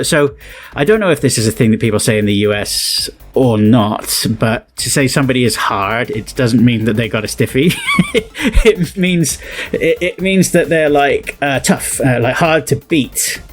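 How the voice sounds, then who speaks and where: A British man talks through slang in loose, rambling commentary, laughing as he goes. His voice sits at an ordinary mid pitch. Faint music plays underneath. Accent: British English. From England. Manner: chatty, rambling, laughs often, puts on quoted phrases. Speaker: game developer and video host. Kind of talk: casual reaction commentary.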